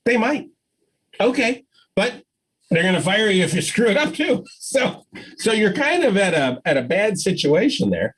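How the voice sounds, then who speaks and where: A man's voice: high voice, normal speed, slightly rough, poor audio. An older man giving a conference keynote, telling stories and acting out the voices of the people in them. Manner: animated storytelling, acts out quoted voices. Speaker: keynote speaker.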